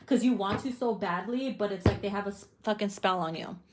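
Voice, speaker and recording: A woman's voice: mid-range voice, fast, background noise. A woman giving a casual tarot reading, swearing freely and laughing often. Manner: profane, bubbly, laughs often. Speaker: tarot reader.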